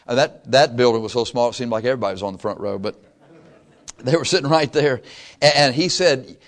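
A man's voice: medium pitch, fairly quick. Pastor teaching bible to his church, easygoing storyteller, asks folks questions, medium voice. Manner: conversational storytelling, asks the congregation questions, chuckles.

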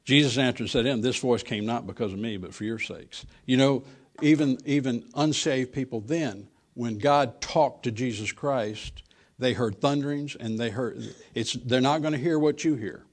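A man preaches a sermon in a gravelly voice of middle pitch. He reads old-style scripture verses slowly and deliberately. Between readings he talks plainly, with fillers and restarts.

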